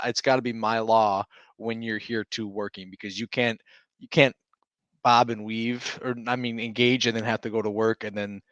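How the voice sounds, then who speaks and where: A man's voice: medium pitch, fairly bright tone, no echo. A man in his thirties, co-hosting a casual chat over a remote call, telling rambling stories and laughing often. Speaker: podcast co-host.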